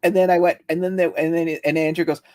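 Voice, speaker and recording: A man co-hosting a livestream, telling rambling, animated stories and laughing often in casual chat. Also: a little high, fast talker. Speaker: livestream co-host.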